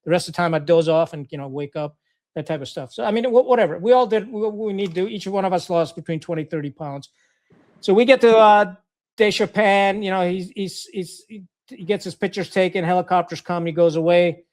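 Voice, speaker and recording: A man's voice: high voice, brisk, a little mellow. A middle-aged man from Pakistan, a retired Marine officer, telling war stories as a podcast guest in a blunt, profane way, full of fillers and restarts. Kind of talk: war storytelling in casual conversation.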